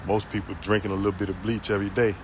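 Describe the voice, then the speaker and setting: Laid-back low-voiced man outdoors. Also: level tone, rapid-fire. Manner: laid-back slangy talk to viewers. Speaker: power washing contractor. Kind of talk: casual live-stream chat while working. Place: outdoors on a windy roof. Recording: wind and street noise outdoors.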